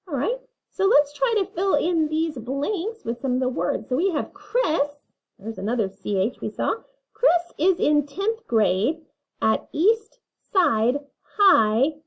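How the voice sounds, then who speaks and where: A woman's voice: high-pitched, sing-song, slow pace. A woman teaching a phonics lesson, reading words and having learners repeat them patiently. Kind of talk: phonics lesson, slow and clear.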